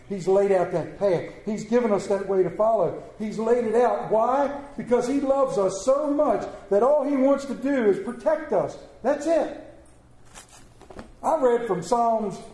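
A man preaches from the pulpit, his voice sitting high for a man. He talks in a folksy way, rising to booming calls and dropping to hushed, tender lines. The sound rings around a reverberant church room. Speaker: pastor. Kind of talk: sermon. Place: church sanctuary.

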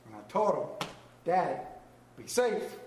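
A man's voice: fairly high pitch, sing-song, unhurried, darkish tone, slight background noise. A man preaching a sermon as pastor, telling folksy stories and joking about himself. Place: church. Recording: echoey church room.

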